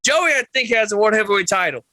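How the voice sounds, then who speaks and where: A man hosting a casual wrestling podcast, loud and profane, yelling with excitement, his throat a bit sore. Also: sits high, fast talker, no room sound. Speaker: podcast host.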